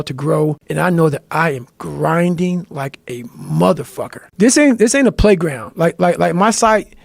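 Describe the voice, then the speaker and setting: Intense, gravelly man swearing constantly. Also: sits high, no echo, clean studio sound. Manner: intense, blunt, heavy swearing. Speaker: podcast guest. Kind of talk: profane motivational storytelling.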